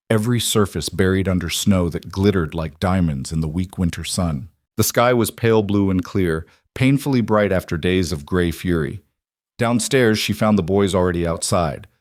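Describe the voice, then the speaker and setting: A man calmly narrating a romance story in an even storytelling manner. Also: deep voice, no room sound, studio quality. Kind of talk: scripted narration.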